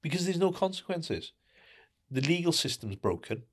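A man's voice: a little high, big pitch swings, moderate pace, breathy edge. A middle-aged man co-hosting a podcast, talking in an indignant way and firing off rhetorical questions. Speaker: podcast co-host. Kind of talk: casual podcast chat.

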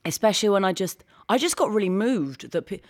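A woman telling her stories in an animated, casual way. She talks rapidly and her voice sits at a middle pitch. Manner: fast, animated storytelling with laughs. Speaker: guest. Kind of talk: casual interview chat.

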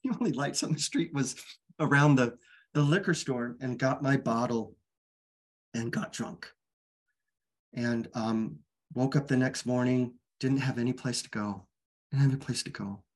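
A guest, mid-range in voice, speaks frankly and earnestly about his personal recovery, his account full of stops and fresh starts.

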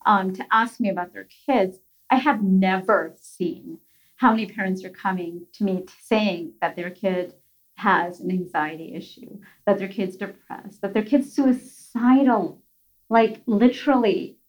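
A middle-aged woman pediatrician talking as an interview guest, earnest and rambling, with many restarts, who also tells stories with lively voices. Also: medium pitch, measured pace. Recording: dull lo-fi audio.

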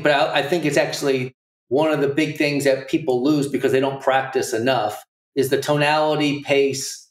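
A man hosting an interview, asking long rambling questions that circle back on themselves, over a video call. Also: fairly high pitch. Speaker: podcast host. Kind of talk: conversational interview. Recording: roomy, distant mic.

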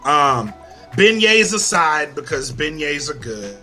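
A man's voice: fairly high pitch, big pitch swings, takes it slowly, pushed and bright, faint music behind. A man from Louisiana with a Louisiana accent, co-hosting a casual podcast and ranting with heavy profanity and lots of repeated phrases. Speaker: podcast co-host.

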